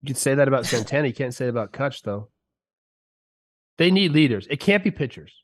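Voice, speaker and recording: A man's voice: mid-range voice, lively intonation. A man co-hosting a sports podcast, a former player talking casually and ranting with heat while sick with a cold. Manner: fired-up, ranting, drawn-out "dude" and "bro". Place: podcast studio.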